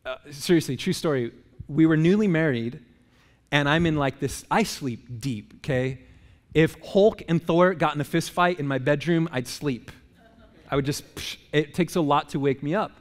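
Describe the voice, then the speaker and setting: A man's voice: a little high, moderate pace, long reverb tail. A male pastor giving a casual, joking sermon, firing rhetorical questions at the congregation. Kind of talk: conversational sermon. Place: church sanctuary.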